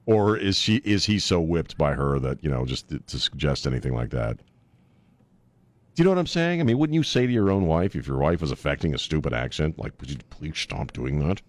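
Sarcastic man, lively pitch. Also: brisk, dry recording. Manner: sarcastic, mocking, animated. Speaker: radio talk show host. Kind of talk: opinionated radio talk.

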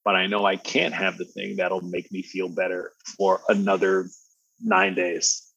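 Gravelly low baritone man, casual. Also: unhurried, fairly bright tone, no echo, muffled recording. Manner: slangy and laid-back, laughs often. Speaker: podcast guest. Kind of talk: casual conversational storytelling.

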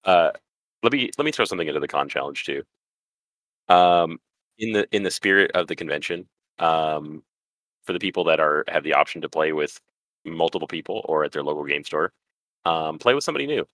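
Very deep, fast-talking podcast co-host man. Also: lively intonation, fairly bright tone, no room sound. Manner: quick, upbeat, repeats words. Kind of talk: casual chat.

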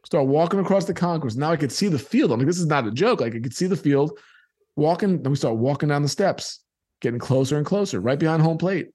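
A man's voice: a little high, expressive, fast talker, a little mellow, slightly rough. A middle-aged man telling a personal childhood story and acting out the people in it.

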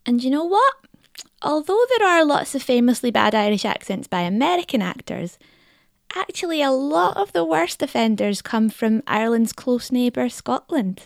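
A woman's voice: on the high side, animated, normal speed, gravelly, dry recording, studio quality. A woman presenting a feature in scripted narration, with a wry delivery.

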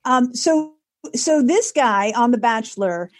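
A woman's voice: a little high, lively intonation, unhurried, no room sound, studio quality. A woman co-hosting a podcast, talking casually with hesitant starts. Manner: hesitant, many fillers and restarts. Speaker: podcast co-host. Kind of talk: casual chat.

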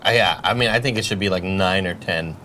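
A man's voice: sits low, bright, forceful tone, slight background noise. A man co-hosting a comedy podcast, teasing and playful in casual banter. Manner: teasing, playful, quick to laugh. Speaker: podcast co-host.

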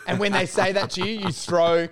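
A man's voice: sits high, little pitch movement, fairly quick, a bit bright. A man co-hosting a podcast, ranting crudely and animatedly in casual comedic chat. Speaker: podcast co-host. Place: podcast studio. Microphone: podcast mic.

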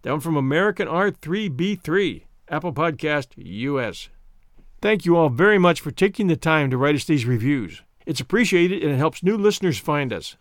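A man's voice: a little high, lively intonation, normal speed, dry recording, studio quality. A man hosting a podcast, giving a scripted sign-off with thanks to listeners in an upbeat announcer manner. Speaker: podcast host.

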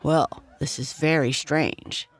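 A bedtime-story narrator voicing Mister Drake, a fair-minded male circus owner, in a near-natural, measured voice. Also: mid-range voice, fairly even intonation, a faint crowd.

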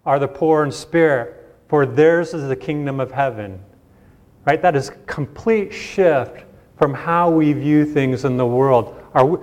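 A man preaching a sermon in a conversational way, asking rhetorical questions and often restarting his sentences. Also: on the high side. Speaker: pastor.

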